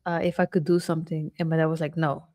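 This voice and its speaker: Chatty woman with a low voice. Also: little pitch movement, racing, darkish tone. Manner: chatty, candid, many fillers. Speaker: podcast co-host. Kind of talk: casual chat.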